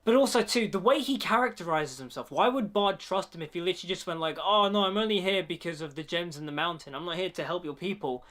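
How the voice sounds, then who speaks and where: A man's voice: on the high side, a bit bright. Blunt, opinionated young man reviewing films. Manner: opinionated, blunt, swears freely, sarcastic asides. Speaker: film commentator. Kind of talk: casual film commentary.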